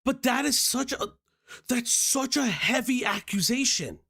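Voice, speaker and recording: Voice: mid-range voice, animated, unhurried, vocal fry, a bit bright, breathy edge. A streamer giving live reaction commentary, ranting with heavy profanity and exasperation.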